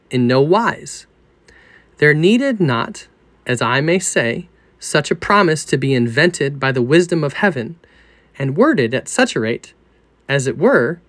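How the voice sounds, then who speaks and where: A male pastor reads from a devotional book with earnest conviction, his voice sitting a little high. He acts out the objections of the doubting sinner and the steady answers of Christ by turns. The sound is close and dry, with no room around it. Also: no echo. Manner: earnest reading, voicing sinner and Christ in alternation. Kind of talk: reading a devotional book aloud.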